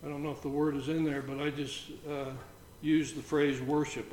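A man leading an informal Bible study, reading scripture aloud between halting comments. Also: a little high, flat delivery, a little mellow. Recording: roomy echo, faint background noise.

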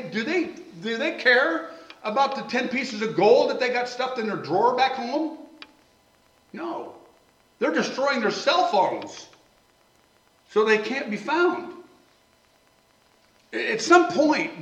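A man's voice: high voice, fairly bright tone. A man preaching a Bible study sermon, reading scripture and then explaining it in a conversational way, often restarting his sentences. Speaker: pastor. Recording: echoey room, mic at a distance, faint noise.

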